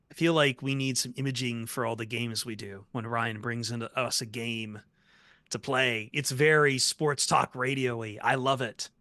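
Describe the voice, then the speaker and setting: Man, podcast host, bright and dry-sounding, quick joking asides. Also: mid-range voice, fairly even intonation, dry recording. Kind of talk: casual podcast banter.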